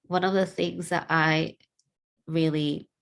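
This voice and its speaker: Slow, low-voiced woman sharing heartfelt reflections. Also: steady tone, vocal fry. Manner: emotional, tearful at times, with sighs and laughs. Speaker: speaker sharing personal reflections. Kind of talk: heartfelt personal talk.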